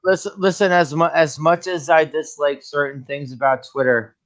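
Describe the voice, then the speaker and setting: A man's voice: a little high, fairly even intonation, moderate pace, a bit bright. A man hosting a casual stream chat, laid-back and jokey. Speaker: stream host.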